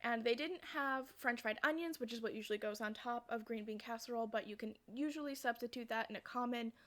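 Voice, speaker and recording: Casting: woman vlogger, a touch high-pitched, chatty storyteller who drifts off topic. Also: fast, fairly bright tone. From United States. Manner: chatty, wandering into side tracks; laughs through her story. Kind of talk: storytelling vlog.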